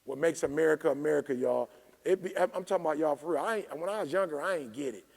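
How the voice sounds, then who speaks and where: A man giving a fiery motivational keynote at a conference, preachy and emphatic, pushing toward shouted peaks. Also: on the high side, fast, creaky. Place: large conference hall. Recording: reverberant conference hall.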